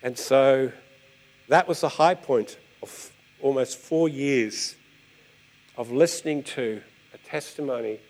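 A man preaching, telling a story in an animated, vivid way. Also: mid-range voice, slow pace. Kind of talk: storytelling sermon.

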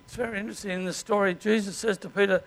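An Australian man preaching a sermon as pastor, in a conversational way and often clearing his throat. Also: high voice, fairly even intonation, racing, a little hiss or hum.

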